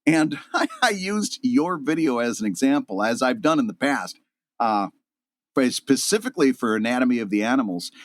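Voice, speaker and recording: A man's voice: mid-range voice, expressive, normal speed, no echo. A man co-hosting a podcast in casual chat, joking and laughing often. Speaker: podcast co-host.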